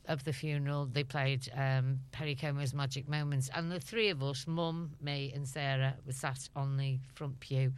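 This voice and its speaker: Low-voiced Scouse woman telling stories. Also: clean tone. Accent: Liverpool (Scouse). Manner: lively storyteller, laughs often. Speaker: interview guest. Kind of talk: chatty anecdotal radio interview.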